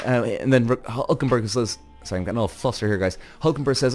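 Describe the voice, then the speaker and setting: A man hosting a podcast, giving casual, rambling commentary on a TV series, animated and swearing often. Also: medium pitch, brisk, hardly any pauses, faint music behind. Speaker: podcast host.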